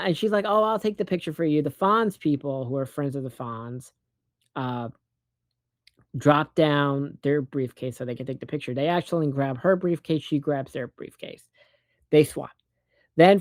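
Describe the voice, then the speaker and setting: Someone recaps a movie's plot in a loose, rambling way, tossing in profane and sarcastic side comments. Their voice sits in the middle range with no echo. They keep slipping into quick put-on voices to act out the characters' lines.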